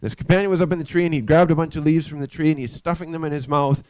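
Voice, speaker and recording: A man preaching in a church, telling a story in a conversational, halting way with frequent restarts. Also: fairly high pitch, fairly even intonation, a little mellow, clean tone, dry recording. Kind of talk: storytelling sermon.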